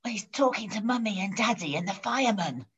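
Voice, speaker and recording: A woman voicing a small child who whispers softly into a phone, heard on a dull lo-fi recording. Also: fairly high pitch, lively intonation, unhurried, husky, pitched above the performer's own voice, heavily acted. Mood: whispering. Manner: hushed whisper. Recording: dull lo-fi sound.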